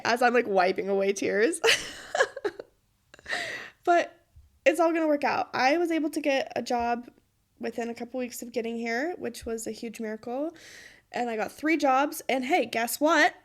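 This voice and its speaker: A woman's voice: fairly high pitch, moderate pace, long pauses. A woman in her late twenties hosting a podcast, talking in a personal monologue, emotional and earnest, pleading and laughing through tears. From Utah. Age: 20s. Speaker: podcast host.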